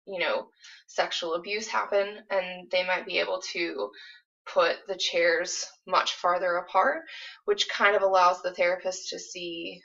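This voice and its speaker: A woman's voice: on the low side, fairly even intonation, a little slow, gravelly, sharp tone. A woman explaining and demonstrating a therapy technique in a small apartment, speaking hesitantly with many fillers. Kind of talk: instructional explanation with role-play. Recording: distant, dull lo-fi recording.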